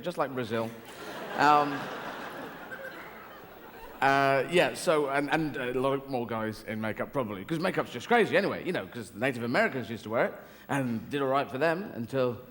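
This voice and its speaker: A man's voice: medium pitch, noisy background. An English man performing a rambling, digressive stand-up routine full of swearing, on a large theater stage. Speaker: stand-up comedian. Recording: reverberant live hall with ambience.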